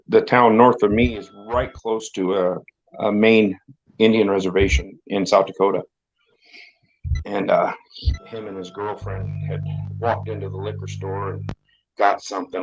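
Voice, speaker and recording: A man's voice: sits low, little pitch movement, moderate pace, long pauses. A man hosting a casual talk show, telling rambling anecdotes and acting out the people in them. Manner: rambling storyteller who acts out quoted dialogue. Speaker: podcast host. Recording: dull lo-fi audio with faint noise.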